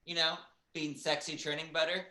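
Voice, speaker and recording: A stand-up comedian doing a halting, filler-heavy set with giggles between jokes on a small theater stage. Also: mid-range voice, flat delivery, pushed and bright, reverberant.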